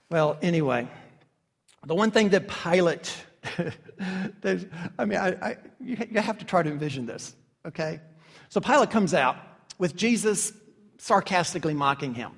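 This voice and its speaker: A man preaching a sermon as pastor, dramatic and emphatic, dropping to hushed asides and acting out quoted figures with sarcasm. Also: fairly high pitch. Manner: acts out quoted figures with sarcastic mock voices. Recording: long hall reverb.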